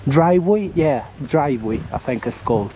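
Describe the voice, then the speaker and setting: A man from Italy with an Italian accent, chatting casually on a walking vlog and often pausing to search for words, talking into a camera outdoors on a windy street. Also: mid-range voice, expressive, mellow, low-quality recording. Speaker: vlogger. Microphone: camera mic held near the face. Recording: faint wind and traffic noise outdoors.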